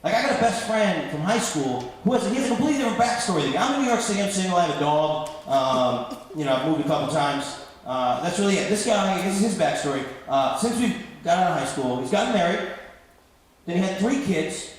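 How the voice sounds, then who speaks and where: Man in his thirties, stand-up comedian, rambling and self-deprecating, quick talker, echoey club hall with long reverb. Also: high voice, expressive. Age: 30s. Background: audience laughter.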